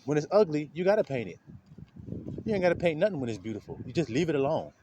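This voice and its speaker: A man's voice: a little high, quick pace, background noise. A man giving an informal, blunt spiritual talk, laughing often as he preaches. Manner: animated, laughing, streetwise and blunt. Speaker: spiritual speaker.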